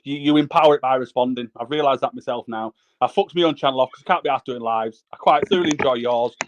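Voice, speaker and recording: Blunt fast-talking man. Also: medium pitch, muffled recording. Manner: blunt, sweary, repeats himself insistently. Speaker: livestream panel member. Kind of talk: heated livestream panel chat.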